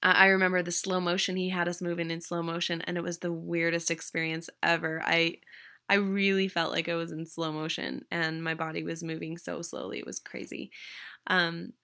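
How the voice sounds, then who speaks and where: A young adult woman casually telling a personal story to the camera, chatty, with many ums and restarts and animated quoted lines. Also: fairly low pitch, moderate pace, smooth. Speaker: vlogger.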